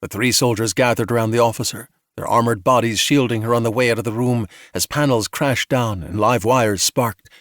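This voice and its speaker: A man narrating a calm bedtime sci-fi audiobook with slow, soothing storytelling. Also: mid-range voice, dry recording, clean studio sound.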